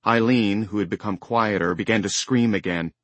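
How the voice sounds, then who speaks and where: A man reading a novel aloud as an audiobook narrator, measured and even. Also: on the low side, no echo. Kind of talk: scripted narration. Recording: dry close studio sound.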